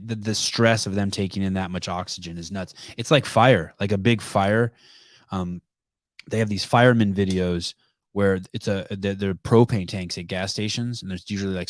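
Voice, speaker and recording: A man with a lowish voice hosts a laid-back call-in podcast. He rambles and swears his way through stories. The mic sits close in a dead, dry room. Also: no room sound. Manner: loose, profane, rambling storytelling; laughs easily. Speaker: podcast host. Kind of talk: casual call-in podcast chat.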